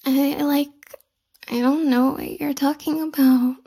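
Giggly, teasing young woman, high fry. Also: steady tone, measured pace, dark tone. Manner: playfully bratty and coy. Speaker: audio role-play performer. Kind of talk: intimate audio role-play.

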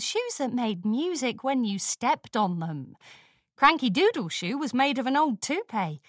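A woman reading a storybook aloud, narrating slowly and expressively. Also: fairly high pitch, sharp tone, no room sound. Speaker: story reader.

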